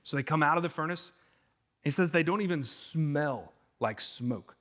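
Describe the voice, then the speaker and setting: Animated high-voiced male pastor. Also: normal speed. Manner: animated storytelling, acting out quoted speech. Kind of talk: sermon.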